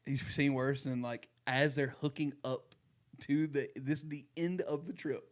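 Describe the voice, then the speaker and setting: A man's voice: mid-range voice, steady tone, measured pace. Rambling young man hosting a podcast. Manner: rambling, lots of fillers and restarts. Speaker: podcast host. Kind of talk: casual chat.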